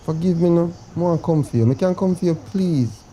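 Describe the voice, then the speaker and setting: An actor with a Jamaican accent playing a remorseful boyfriend who pleads dramatically to be taken back. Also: male voice, on the high side, a little fast, warm tone, a little hiss or hum, lightly acted. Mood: pleading. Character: pleading remorseful boyfriend begging to come home. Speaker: actor in comedy sketch. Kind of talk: comedy sketch acting, phone call.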